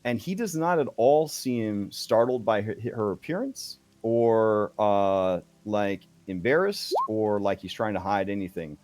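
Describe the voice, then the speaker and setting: Man, game master, hesitant narration, unhurried, low voice. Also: a little mellow, no room sound. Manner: slow, hesitant, many fillers.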